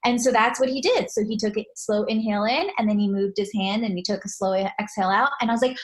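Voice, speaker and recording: A woman in her thirties, a guest on an interview show, telling stories in a lively conversational way. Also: quick pace, hardly any pauses. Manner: animated, pitch jumps up when quoting her child. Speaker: guest, meditation author. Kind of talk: conversational storytelling.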